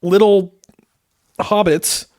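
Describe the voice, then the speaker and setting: Podcast cohost guy, slightly high voice, laughs a lot, dry little jokes. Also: fairly even intonation, extremely slow, a little mellow. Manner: playful, laughs often, dry asides. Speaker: podcast co-host. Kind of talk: casual chat.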